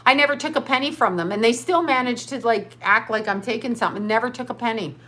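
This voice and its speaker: A middle-aged woman chats loosely on her own livestream, answering viewers as a psychic. Her voice sits a little high, and she rambles from topic to topic, bursting into profane outbursts. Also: fast, sharp tone. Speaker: livestream host. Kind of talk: casual livestream chat reading viewer comments.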